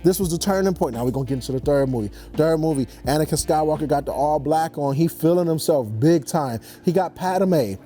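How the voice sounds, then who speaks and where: A young man telling a movie story as a comedic rant, slangy and animated, slipping into quick character voices. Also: fairly high pitch, faint music behind. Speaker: comedy vlogger.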